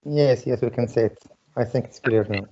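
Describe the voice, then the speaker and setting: Dark-voiced man hosting an online class. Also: mid-range voice, normal speed, slight background noise. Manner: polite, brief acknowledgements with hesitant fillers. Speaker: class host teacher. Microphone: video call. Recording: dull lo-fi video call audio.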